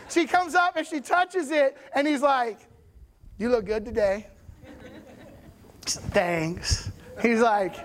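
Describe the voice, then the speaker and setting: A man teaching a Bible lesson in a chatty, animated storytelling way, often checking in with his listeners. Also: very high-pitched.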